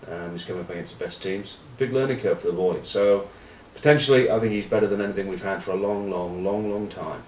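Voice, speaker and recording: A low-voiced man hosts a casual rugby vlog, rambling on with wry, cheeky asides. He sits back from the mic, and his voice carries in a roomy, echoey space. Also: fast talker, hardly any pauses, a little mellow, slight background noise. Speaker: rugby pundit and vlog host. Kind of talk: casual rugby chat to camera. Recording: roomy echo, distant mic.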